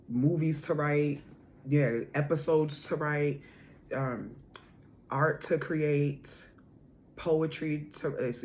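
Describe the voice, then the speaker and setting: A woman giving a casual spiritual card reading to her viewers, repeating her points with emphasis and calling the listener boo and honey. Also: deep voice. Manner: bursts into loud laughter and raised voice when excited.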